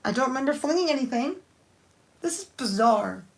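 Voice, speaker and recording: Chatty lady doing her nails on a livestream, bit high voice, rambles and thinks out loud. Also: expressive, moderate pace, vocal fry. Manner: chatty, rambling, thinks aloud while working. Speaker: nail art livestreamer. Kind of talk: casual live-stream chat.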